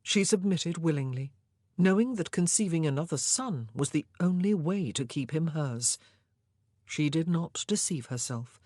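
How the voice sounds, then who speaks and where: A woman's voice: low voice, lively intonation, measured pace, a little mellow, no room sound. Woman reading an audiobook, dry and close. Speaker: audiobook narrator. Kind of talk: scripted narration of a historical novel.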